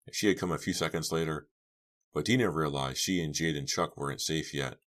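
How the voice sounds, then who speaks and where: A man narrating a horror novel audiobook in a measured, steady reading. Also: a bass voice. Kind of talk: scripted narration.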